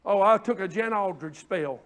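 Male preacher, very high voice, fervent delivery that builds to shouts, calls out to his congregation. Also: normal speed. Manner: fervent, rising to shouts, call-and-response. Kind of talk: sermon.

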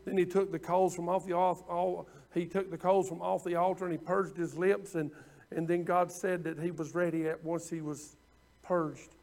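A man preaching a sermon, impassioned and repetitive at times, then dropping into quiet asides. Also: sits high, level tone, normal speed. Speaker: pastor.

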